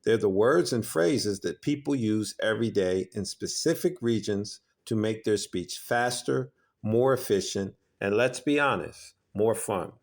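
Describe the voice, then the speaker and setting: Man, slightly low voice, upbeat English teacher, scripted lesson. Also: unhurried, hardly any pauses. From Philadelphia, USA. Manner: upbeat, explanatory, acts out sample phrases.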